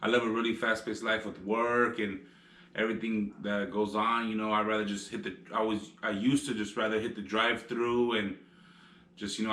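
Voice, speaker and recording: A man chatting casually on a vlog, rambling along with plenty of fillers. His voice is bright and sits a bit low, and the room rings with echo. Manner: rambling, lots of "you know" fillers. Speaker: vlog co-host. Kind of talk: casual chat.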